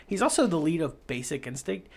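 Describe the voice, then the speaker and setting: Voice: medium pitch, very animated, a little fast, vocal fry, a little mellow. Enthusiastic, swearing podcast host. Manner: rambling, enthusiastic, swears freely. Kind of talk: casual movie podcast chat.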